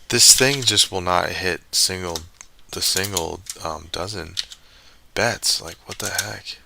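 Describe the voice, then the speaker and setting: A man's voice: low-pitched, slow pace, gravelly, pushed and bright, a little hiss or hum. A man live-streaming a roulette-style game, muttering to himself and grumbling when bets miss. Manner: muttering, frustrated, talks to himself. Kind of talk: casual live-stream commentary while playing.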